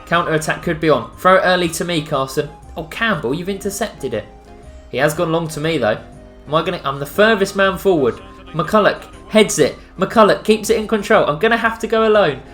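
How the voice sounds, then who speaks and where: A young man commentating on his own football video game play, joking sarcastically and breaking into excited outbursts. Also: a little high, a little fast. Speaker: gaming YouTuber. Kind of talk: live gameplay commentary. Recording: faint music behind voice.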